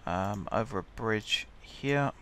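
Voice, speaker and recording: A man's voice: on the low side, slow, sharp tone, slight background noise. A man chatting casually as he plays a building game, muttering to himself while he builds. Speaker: gaming channel host.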